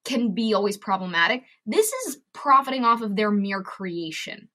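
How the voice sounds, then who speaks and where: A young woman talking as a podcast guest in animated casual conversation, swearing freely and bursting into loud ranting voices. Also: medium pitch, moderate pace.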